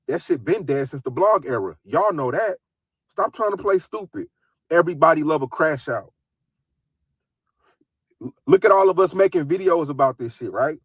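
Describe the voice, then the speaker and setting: A man's voice: fairly high pitch, dry recording, clean studio sound. A man ranting in casual commentary, firing off rhetorical questions and repeating himself.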